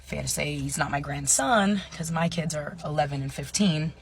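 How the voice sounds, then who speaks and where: A woman in her thirties telling a personal story in a chatty way, full of fillers and dropping into hushed asides. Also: low-pitched, moderate pace, gravelly, a little hiss or hum. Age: 30s. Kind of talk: casual storytime monologue.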